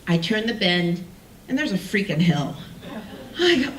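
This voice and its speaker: A woman telling a personal story on stage, animated and self-mocking, acting out the people she quotes. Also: mid-range voice, unhurried, a little hiss or hum. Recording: roomy sound from a distant mic with faint ambience.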